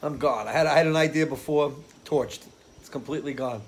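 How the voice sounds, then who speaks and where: A man's voice: on the high side, a little fast, creaky, slight background noise. A man hosting a casual live stream from his porch, telling rambling stories and often losing his train of thought. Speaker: live-stream show host. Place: outdoors on a porch under a ceiling fan.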